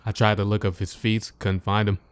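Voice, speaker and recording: A young man with a fairly low voice, chatting easygoing as a podcast co-host and reading listener shout-outs. The sound is dry and close. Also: level tone, a little fast, smooth, no echo. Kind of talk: casual podcast chat.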